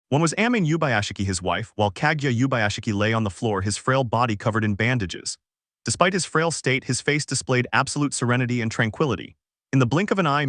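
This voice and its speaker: A man reading a fan fiction story aloud in a steady, even storytelling voice. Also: mid-range voice, no room sound, clean studio sound. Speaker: fanfic narrator. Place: voice-over over game footage.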